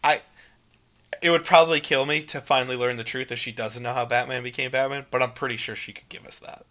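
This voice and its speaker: A young man co-hosting a casual movie podcast, talking in long, emphatic, animated runs. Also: medium pitch, fast. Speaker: podcast co-host.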